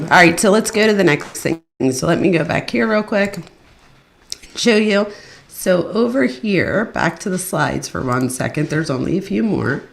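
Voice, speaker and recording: Woman, lowish gravelly voice, casual live true crime stream host, chatty with viewers, home desk mic. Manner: chatty, addresses viewers as "you guys". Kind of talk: casual livestream commentary.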